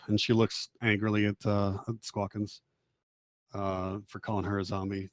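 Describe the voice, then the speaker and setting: A man running a tabletop game, with a lowish voice recorded dry and close. He narrates in a relaxed, rambling way, leaning on fillers as he goes. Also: a little slow, clear, resonant tone, dry recording. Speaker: game master.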